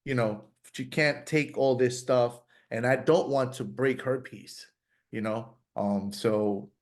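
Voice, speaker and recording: A man's voice: medium pitch, steady tone, takes it slowly. A man hosting a podcast, speaking candidly in a rambling, casual way, often saying "you know". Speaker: podcast host. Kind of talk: casual interview chat.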